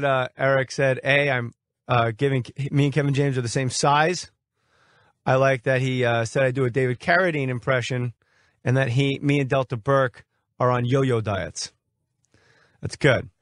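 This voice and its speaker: A man's voice: medium pitch, fairly bright tone, no room sound. A man guest-hosting a sports talk radio show, brash and mocking as he fires insults back at a caller from the studio.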